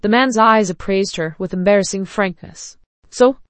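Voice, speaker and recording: A woman reading a story aloud in a steady, even way. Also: medium pitch, moderate pace, dry recording. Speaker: narrator.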